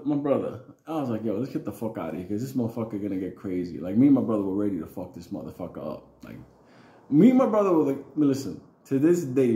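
A man telling a childhood story in a rambling, profane, animated way. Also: medium pitch, reverberant. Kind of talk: casual storytelling vlog.

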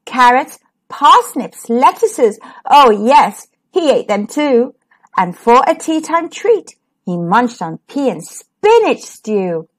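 A woman reading a rhyming children's picture book aloud, expressive and sing-song. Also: a little high, takes it slowly. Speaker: children's storyteller.

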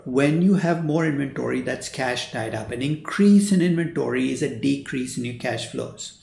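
A man's voice: fairly high pitch, gravelly, darkish tone. An older man who is a finance professor, giving a recorded lecture in a conversational teaching manner. He voices the students' questions himself and repeats his key points. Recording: roomy echo.

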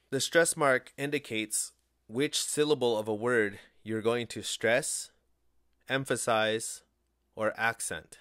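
A man giving a spoken language lesson, slow and deliberate, pronouncing each word on its own. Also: mid-range voice, fairly even intonation, a bit bright, no room sound, studio quality. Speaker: language teacher.

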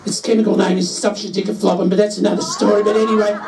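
A man's voice: high voice, flat delivery, fast, creaky, darkish tone. A drag queen comedian, telling camp, bawdy, swearing jokes on stage. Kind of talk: live stand-up banter. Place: licensed music venue, on stage. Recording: roomy live venue, mic far off, crowd noise.

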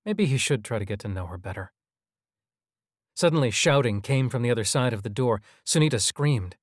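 A man narrating a scripted audio drama, even and measured. His voice sits at a middle pitch, close and dry. He tells the story plainly. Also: no echo.

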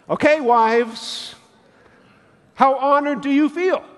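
A man's voice: extremely high pitch, a bit bright. A man preaching a sermon as pastor, telling everyday stories and acting out little scenes as he makes his point. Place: church sanctuary. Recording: long church reverb.

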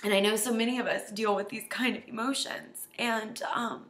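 A woman's voice: on the high side, fairly even intonation, moderate pace, a bit bright, roomy sound. A woman life coach giving an earnest, heartfelt and emotional confessional self-help vlog.

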